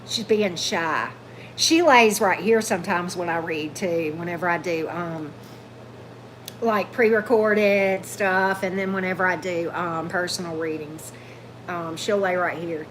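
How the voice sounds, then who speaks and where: A woman, talking casually on a livestream as a tarot reader, her voice going hoarse, chatting with viewers and calling her dog in a high coaxing voice. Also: slow, a little hiss or hum. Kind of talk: casual live chat with viewers. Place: indoors at a table at home.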